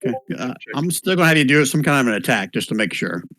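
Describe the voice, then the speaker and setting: A man running an online tabletop game as game master, relaxed and halting, with plenty of fillers, on a computer mic. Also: mid-range voice, no room sound. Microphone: computer mic on an online call.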